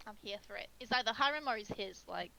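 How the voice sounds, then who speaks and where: A woman playing a tabletop game, gushing excitedly about the characters. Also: mid-range voice, fast talker, creaky, poor audio. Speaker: player.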